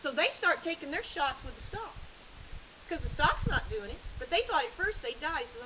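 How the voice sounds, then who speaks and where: At an outdoor clinic, a woman coaching a student in sheepdog training speaks at a moderate pace in a high voice with big pitch swings. She gives directions chattily and explains as she goes, and the recording is muffled with hiss.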